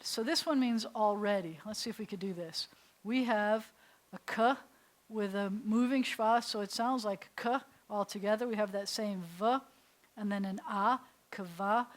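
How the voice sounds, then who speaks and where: A woman rabbi with an American accent teaching a beginners' Hebrew class, sounding out letters slowly and adding playful asides. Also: medium pitch, rough recording. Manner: patient, explains step by step, sounds out letters slowly. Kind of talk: classroom lesson. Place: synagogue classroom.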